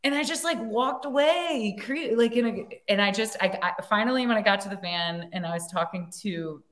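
A woman actor as a podcast guest, telling a story in an animated, giggly way with lots of filler words. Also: mid-range voice, moderate pace. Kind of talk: casual storytelling chat.

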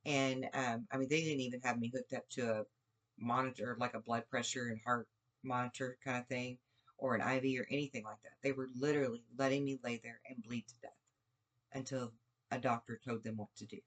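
A woman with a rumbling low voice tells a personal story on a podcast, speaking briskly with fairly even intonation. Her storytelling is rambling and conversational, full of fillers and restarts.

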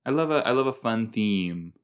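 A man's voice: lowish voice, expressive, moderate pace. A young man reacting casually to a TV episode as he watches, thinking aloud with lots of fillers and exclamations. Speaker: reaction podcast host.

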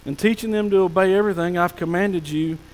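A male pastor preaches in a high, folksy voice. He often drops to a soft hush. His words ring out with a long reverb through the church. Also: fast talker. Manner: folksy preaching, drops to soft hushed tones for God's whispers. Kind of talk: sermon. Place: church sanctuary.

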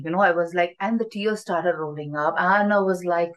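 A woman's voice: on the low side, normal speed, a bit bright, rough recording. A woman in her forties, earnest and emotional, tells her personal story as an interview guest and slips into Hindi now and then. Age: 40s. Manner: earnest, mixes in Hindi phrases.

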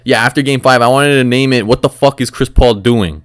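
Young male podcast host, smooth, dry close-mic voice, venting and swearing in a loose solo rant. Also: mid-range voice, a little fast, dry recording. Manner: frustrated, profane, rambling with filler words.

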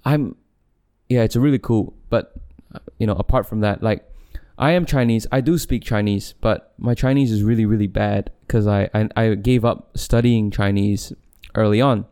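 A man's voice: fairly low pitch, fairly even intonation, moderate pace, dark tone, clear, resonant tone. A young man from Malaysia hosting a podcast, talking casually and rambling, with frequent restarts and laughs. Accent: neutral English with a light Malaysian tinge. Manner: rambling, self-interrupting, laughs often. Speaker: podcast host. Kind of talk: casual solo podcast monologue.

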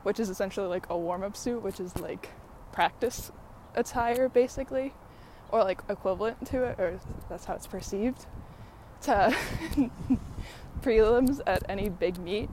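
A woman's voice: medium pitch, normal speed, a little mellow, a little hiss or hum. Female podcaster, casual and rambly, slightly winded on a walk outdoors. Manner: many fillers, laughs often while talking. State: out of breath walking uphill. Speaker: podcast host.

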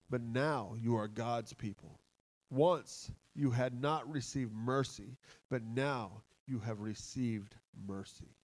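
A man's voice: medium pitch, no echo, rough recording. Impassioned male preacher, dry sound. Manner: impassioned, excitable preaching with laughter. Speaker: pastor. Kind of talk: sermon. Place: church.

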